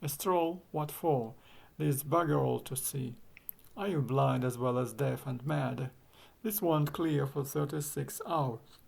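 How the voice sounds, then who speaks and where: A man's voice: medium pitch, slow pace, creaky, a little mellow, full character voice. A man reading a story aloud, voicing an impatient, half-deaf elderly Yorkshireman who barks his words scornfully in a Yorkshire accent. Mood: grumbling. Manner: barking, scornful.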